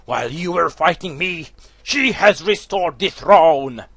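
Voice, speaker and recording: A man voicing a scheming female naga sorceress in a card game playthrough, with a grandiose, slow, taunting delivery. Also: on the high side, expressive, vocal fry, fairly bright tone, dry recording, full character voice.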